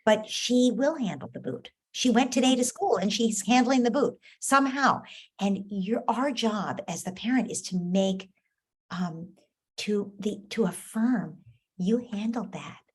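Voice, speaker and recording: A middle-aged woman coaching a parent through a worry, her voice sitting in a plain middle range. She talks gently and patiently, slipping into short acted lines of child and parent to show what to say. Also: mid-range voice, animated, measured pace, slightly rough.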